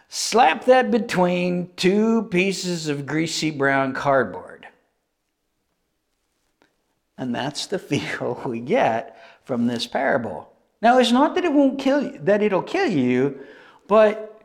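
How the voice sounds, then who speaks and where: Animated, high-voiced male preacher. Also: takes it slowly, creaky. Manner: animated, emphatic, repeats phrases for effect. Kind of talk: sermon.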